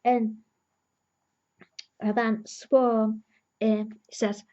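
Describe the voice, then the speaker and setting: Brief: female TV reviewer, earnest invested fan, slow unhurried delivery, slightly dull lo-fi audio. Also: on the high side, level tone, dark tone. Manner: earnest, emotionally invested fan recapping the plot. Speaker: TV episode reviewer. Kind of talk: casual review vlog.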